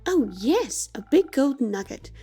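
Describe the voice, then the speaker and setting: Woman playing a vain male vampire, theatrical, melodramatic, swooping pitch, warm, faint game music. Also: very animated, unhurried, slightly rough, full character voice. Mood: dramatic. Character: vain dramatic male vampire, fussy about his cape. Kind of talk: voice-acting a game aloud.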